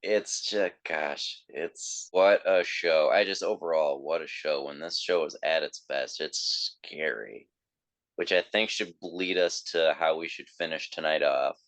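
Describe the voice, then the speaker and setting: A man's voice: a bass voice, a little slow, a bit bright, no room sound, rough recording. A man hosting a podcast in casual chat, talking with enthusiasm and plenty of fillers. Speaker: podcast host.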